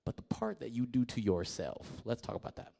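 Young male pastor, energetic sermon, jokey, jumps from shouts to whispers, mid-pitched. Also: fairly quick, vocal fry. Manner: animated, jokey, acts out listeners in put-on voices, swings from loud to hushed.

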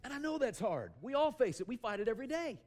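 A middle-aged man preaching a sermon, telling animated stories and calling out "amen" to the congregation. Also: very high voice, fast talker. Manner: loud, animated storytelling with calls of "amen".

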